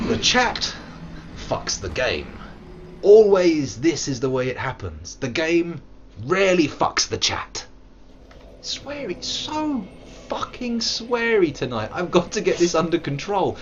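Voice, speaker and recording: A man's voice: a little high, very animated, a little slow, highs cut off, a little hiss or hum. A British man hosting a live let's play, chatting playfully and swearing often as he mocks himself. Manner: playful, sweary, self-mocking, bursts into silly voices. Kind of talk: live gameplay commentary.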